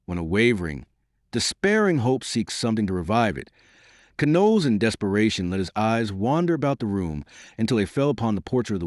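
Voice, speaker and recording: A man narrating a classic novel as an audiobook in a dramatic, expressive reading. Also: on the low side, dry recording, studio quality.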